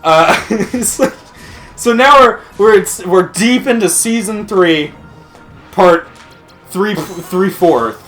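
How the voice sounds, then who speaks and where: A man's voice: high-pitched, animated, slow pace, a bit bright, soft background music. A man ranting in casual commentary, swearing freely and breaking into laughter. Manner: profane, laughing rant. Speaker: let's play commentator.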